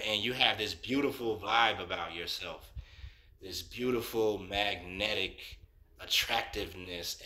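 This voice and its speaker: A man's voice: lowish voice, fairly bright tone. A young man giving a casual, chatty tarot reading, loose and full of fillers and asides. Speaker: tarot reader.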